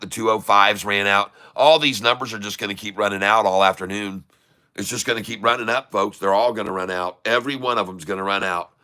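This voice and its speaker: A man streaming his live day-trading, excitable, calling out prices over and over and taunting short sellers. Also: lowish voice, smooth. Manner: addresses viewers as folks, taunts short sellers.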